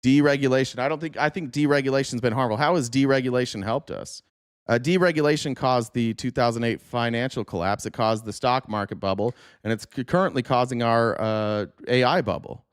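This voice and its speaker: A man live-streaming, arguing his points in a quick, rapid-fire rant. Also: medium pitch, clean tone, no room sound, clean studio sound.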